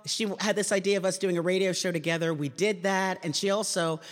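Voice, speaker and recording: Comedian in her sixties, lively storyteller acting out her anecdotes, speaking in a long-echo hall. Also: fairly low pitch, fast talker. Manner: animated and chatty, acts out her anecdotes. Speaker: comedian giving a public talk. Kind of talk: humorous storytelling talk. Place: lecture hall at a public forum. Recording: reverberant hall sound.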